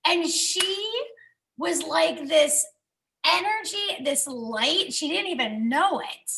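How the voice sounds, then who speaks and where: A woman's voice: extremely high pitch, animated, slow pace, sharp tone, low-quality recording. A woman on a video call telling a heartfelt story, earnest and rambling. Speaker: guest on a business video call. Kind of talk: heartfelt casual chat.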